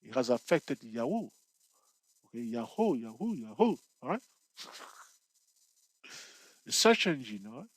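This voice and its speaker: A man's voice: medium pitch, big pitch swings, measured pace, long pauses, husky, no room sound, rough recording. Dry-voiced male trading tutor checking in. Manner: checks in often with "okay?" and "all right?"; loose phrasing with frequent restarts. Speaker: trading instructor. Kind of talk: explaining over a chart.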